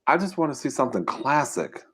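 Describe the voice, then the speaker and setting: A mukbang streamer hosts live trivia in a very animated, fairly quick, mid-range voice that's a bit bright and husky. He reads the questions aloud and banters casually with his chat.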